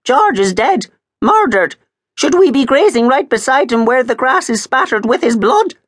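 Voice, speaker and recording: A man voicing an agitated, shrill female sheep who objects loudly. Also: sing-song, moderate pace, dry recording, studio quality, full character voice. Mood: indignant. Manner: shrill, loud and indignant.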